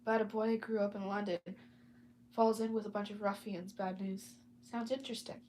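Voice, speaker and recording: A woman's voice: medium pitch, level tone, a little fast, a little mellow, slight background noise, natural voice. Woman reading as a charming young man. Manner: easygoing, charming.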